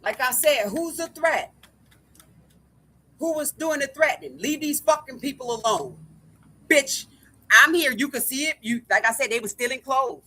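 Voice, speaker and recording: Woman vlogger, high bright voice, furious profane rant that keeps circling back on itself. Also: expressive, normal speed, slightly rough. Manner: angry, profane, keeps repeating "like I said". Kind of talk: ranting monologue to camera.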